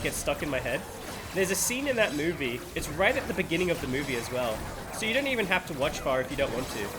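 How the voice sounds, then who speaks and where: Man, game streamer, rambling and playful, high lively voice, game music behind. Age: adult. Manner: rambling, playful, laughs at himself. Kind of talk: live gameplay chat.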